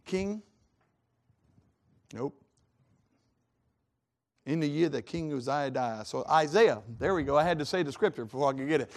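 A man preaching a sermon in a folksy, joking way, his chest congested and given to coughs, swinging from loud to hushed. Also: on the high side, expressive, normal speed, long pauses.

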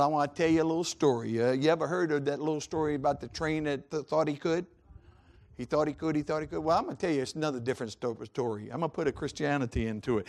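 With a congested chest that keeps making him cough, a man at medium pitch preaches in a folksy, joking way, his volume rising loud and dropping to a hush.

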